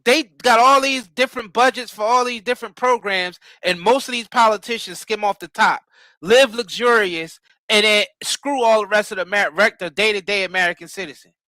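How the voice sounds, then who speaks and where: A man's voice: high-pitched, a little fast, bright, forceful tone, no echo. A man in heated casual political talk, emphatic and repeating words as he builds his point.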